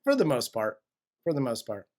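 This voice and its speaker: A man's voice: medium pitch, huge pitch swings, moderate pace. A man hosting a movie review podcast in a laid-back, joking casual chat. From United States. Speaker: podcast host.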